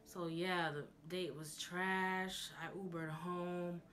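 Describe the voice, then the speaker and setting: A young woman vlogger telling a storytime tale in a sassy, animated way, talking to her viewers like friends. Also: lowish voice, takes it slowly, slight background noise. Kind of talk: storytime vlog.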